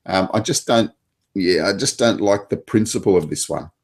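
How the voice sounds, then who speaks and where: A man's voice: lowish voice, moderate pace. An Australian man, a table tennis coach, chatting casually with many fillers and restarts. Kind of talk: casual chat.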